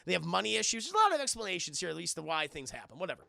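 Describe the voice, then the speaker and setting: A man streaming live, recapping a film in a rambling, profane and animated way. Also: high voice, racing, creaky, no room sound, clean studio sound.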